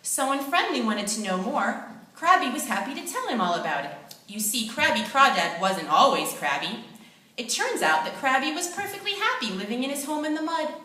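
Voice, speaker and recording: Lively woman narrating a kids' play. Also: a little high, normal speed. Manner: lively, expressive storytelling. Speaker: storyteller. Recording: echoey room, distant mic, faint noise.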